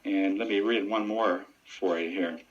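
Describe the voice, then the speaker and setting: A man who works as a deputy sheriff and ventriloquist, answering radio interview questions in an earnest, steady and informative way. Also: low voice, a little slow. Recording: dull lo-fi radio audio.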